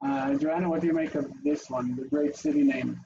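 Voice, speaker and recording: This man's voice sits on the high side and sounds creaky, moving fairly quickly on lo-fi audio. Teaching an interactive language lesson online via video call, he's animated, calls on each student by name in turn, and thinks aloud as he explains.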